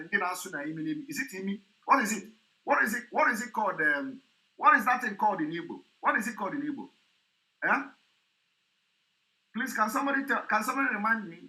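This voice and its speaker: High, sharp-voiced man ranting. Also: lively intonation, fast, poor audio. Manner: repetitive, mocking, exclamatory. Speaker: commentator. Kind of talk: commentary vlog.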